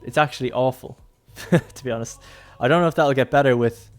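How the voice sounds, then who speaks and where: A young man talks his way through a strategy game stream, chatty and loose, often trailing off into laughs. His voice sits in a middle pitch, with faint music playing underneath. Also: a little fast. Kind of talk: casual gameplay commentary.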